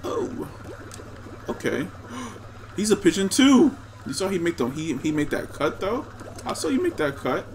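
A young man casually commenting on his own gameplay, excitable and trash-talking the other players. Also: fairly high pitch, measured pace, pauses often, background noise. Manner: excitable, talks to himself and chat, trash-talks players. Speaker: gaming streamer.

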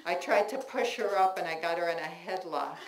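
A woman writer reading her memoir aloud at a live bookstore event, wry and expressive, laughing through the funny parts. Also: lowish voice, fairly quick. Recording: roomy bookstore with faint noise.

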